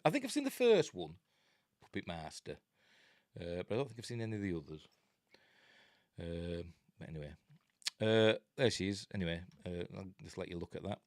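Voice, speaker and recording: A man's voice: low voice, big pitch swings, moderate pace, long pauses, dry recording, clean studio sound. A man with a Yorkshire accent, reviewing a horror film in a rambling, jokey way, full of ums and uhs. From Yorkshire, England. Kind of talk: casual film commentary.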